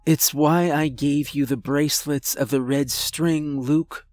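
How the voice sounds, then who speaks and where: A man's voice: a little high, steady tone, slow, a little mellow, no echo. Man voicing a fierce protective grandmother. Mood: urgent. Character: worried old Irish-born grandmother, fierce.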